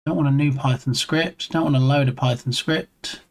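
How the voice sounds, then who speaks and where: Casual streamer, mid-pitched, narrating their own troubleshooting live and chatting with viewers between steps. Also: steady tone, moderate pace. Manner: muses to self, reads screen text aloud, chats with viewers. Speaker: game dev streamer. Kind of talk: live-stream thinking aloud while troubleshooting. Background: headphones on.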